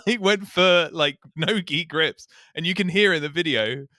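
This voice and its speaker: A man's voice: a little high, normal speed, bright, forceful tone, dry recording, clean studio sound. A man co-hosting a podcast, telling a story in casual chat, laughing often and swearing. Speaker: podcast co-host.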